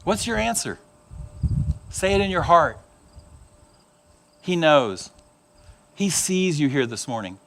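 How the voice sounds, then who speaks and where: A man's voice: a little high, takes it slowly, long pauses. A man preaching a sermon, telling stories and acting out the voices of the people in them. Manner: animated storytelling, acts out voices of others. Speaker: pastor.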